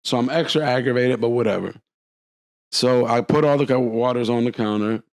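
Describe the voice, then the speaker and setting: A man's voice: medium pitch, brisk, dry recording. A man telling a long story on a casual podcast, acting out the quotes.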